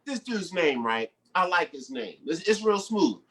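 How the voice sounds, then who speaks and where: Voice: mid-range voice, big pitch swings, a little slow, fairly bright tone. A comedy show host introducing the closing act and leading the crowd in call and response. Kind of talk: live show emcee introduction.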